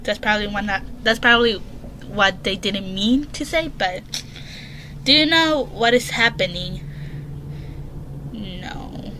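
Woman host, jumpy horror game commentary from her bedroom; slow and bright, a bit high, faint home noise behind. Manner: reads questions aloud and answers them, jumpy and chatty. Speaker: gaming channel host.

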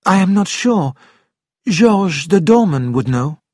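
A man's voice: sits high, very animated, takes it slowly, a little mellow, no room sound, studio quality, full character voice. A man voicing a loyal, anxious young French maid who pleads her innocence in an audiobook drama. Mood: earnest. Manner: earnest, pleading denials.

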